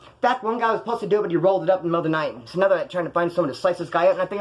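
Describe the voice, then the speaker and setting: In lo-fi sound, a high-voiced Californian man races through prison stories at a very fast pace. He's animated and profane, regularly performing the voices of other people in a casual monologue.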